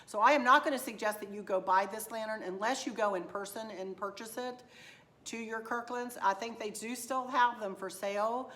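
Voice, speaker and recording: A hoarse woman chatting casually to her viewers as a home decor vlogger, gushing and affectionate, rambling from one thought to the next. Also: a little high, moderate pace, a bit bright.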